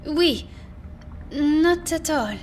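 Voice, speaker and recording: An actress playing an earnest, gentle young woman. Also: high voice, animated, drawn-out words, faint music behind, full character voice. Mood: polite. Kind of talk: game cinematic voice acting.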